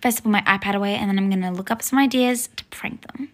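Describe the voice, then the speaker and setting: A woman's voice: medium pitch, fast, natural voice. A woman voicing a bratty teenage older sister in a toy-game role-play. The sister sounds sulky and sarcastic. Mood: scheming. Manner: sulky, sarcastic and eye-rolling.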